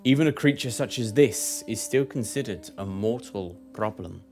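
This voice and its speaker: A man voicing a grave, quiet celestial being. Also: faint music behind, natural voice. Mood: solemn. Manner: grave, measured, low and quiet. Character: calm blind celestial being in man's form.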